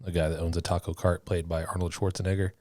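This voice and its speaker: A man's voice: little pitch movement, fast talker, darkish tone, no echo, studio quality. A man co-hosting a podcast in casual, jokey banter, laughing often. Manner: jokey, laughs often, puts on a deep movie-trailer voice. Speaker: podcast co-host. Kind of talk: casual chat.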